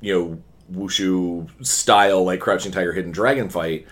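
A man with a fairly low voice talks casually on a podcast. He is opinionated and animated and often restarts his sentences. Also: normal speed. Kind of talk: casual chat.

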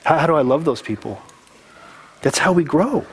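A man's voice: fairly high pitch, animated, moderate pace, husky. A man preaching a sermon as a pastor, earnest and conversational, getting teary.

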